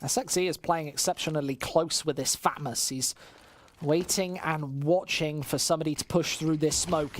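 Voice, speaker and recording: An esports caster calls the match live in quick play-by-play, voice jumping up at the big moments. Middling pitch, with a faint hiss sitting under the commentary. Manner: bursts of excitement over big plays, joking with chat.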